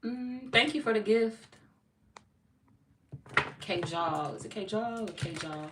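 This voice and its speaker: Hosting a tarot livestream from Missouri, this woman reads viewer comments in easy, casual chat, her mid-range voice animated but slow. Blunt and playful, she laughs often and curses without holding back. The audio is noisy, echoey and distant from the mic.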